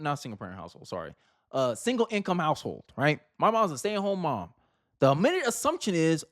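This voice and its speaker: A man's voice: fairly high pitch, wildly swooping pitch, fairly quick, a bit bright, dry recording, clean studio sound. A man hosting a reaction commentary, talking in an emphatic, argumentative way and repeating phrases for effect. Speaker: commentary host.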